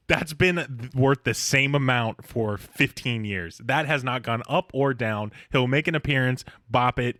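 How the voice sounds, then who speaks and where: A man's voice: mid-range voice, a bit bright, no room sound, studio quality. A young man co-hosting a podcast, joking and rambling with frequent restarts and laughter. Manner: rambling, restarts a lot, laughs between jokes. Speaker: podcast co-host. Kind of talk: casual chat.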